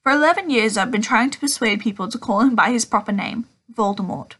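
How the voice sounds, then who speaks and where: Dumbledore, a calm old wizard read by a woman. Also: fairly high pitch, brisk, husky. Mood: gentle. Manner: gentle, calm, teasing. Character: old kindly male wizard headmaster, calm and playful.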